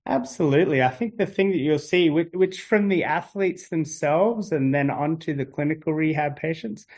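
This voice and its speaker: A man from Australia with an Australian accent, a guest explaining his work in a relaxed conversational interview, talking easily with plenty of "kind of" fillers. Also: a little high, moderate pace. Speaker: exercise physiologist guest.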